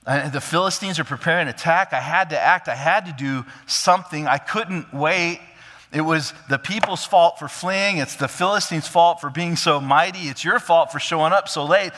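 A man voicing an anxious ancient king who makes excuses in rapid, stammering restarts. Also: a little high, sharp tone, big-room sound, voice pushed up. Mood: defensive.

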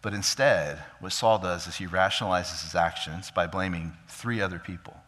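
A man preaching a sermon in an animated way, often stammering into restarts. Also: low-pitched, normal speed, big-room sound. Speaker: pastor.

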